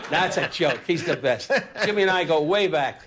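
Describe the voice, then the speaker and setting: A man's voice: fairly high pitch, lively intonation, moderate pace, background noise. A man in his eighties doing brash, needling insult comedy as a talk show guest, stammering and restarting as he goes. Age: 80s. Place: TV studio with live audience. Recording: TV studio with loud audience laughter.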